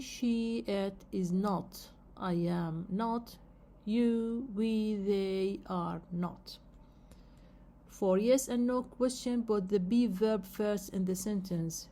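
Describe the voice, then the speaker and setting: Teaching grammar at a slow pace, this woman repeats important phrases and spells out endings one letter at a time, her phrasing sometimes non-native. She has a mid-range, slightly mellow voice.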